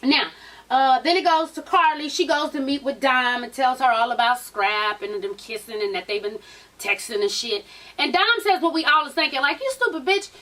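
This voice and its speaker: A woman giving a casual, profane recap of a reality show as a vlogger, sassy and animated, with a lot of swearing. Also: high voice, normal speed, distant mic, low-quality recording.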